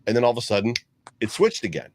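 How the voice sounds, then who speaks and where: A man co-hosting a casual sports talk show, excitable and rambling as he reads out viewer comments. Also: medium pitch, rapid-fire, a little hiss or hum. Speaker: co-host.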